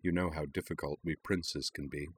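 A gentle young prince speaks his farewells softly, with a dry wry touch, voiced by a man reading the story. The voice is deep and quiet. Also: fairly even intonation, normal speed, a little hiss or hum. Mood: tender. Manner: soft and wry.

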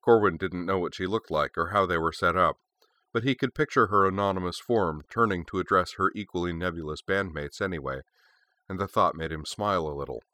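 Deep-voiced man reading a story. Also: fairly quick, sharp tone, no room sound. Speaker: narrator.

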